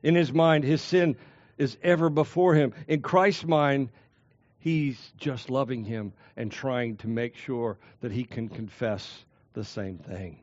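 A man preaching an expository sermon as a pastor, earnest and emphatic, slowing down to stress key phrases. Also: mid-range voice, darkish tone, no room sound, muffled recording.

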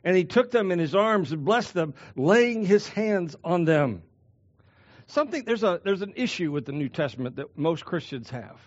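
A man preaching a sermon as pastor, slowing down to stress key words. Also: high-pitched, expressive, highs cut off.

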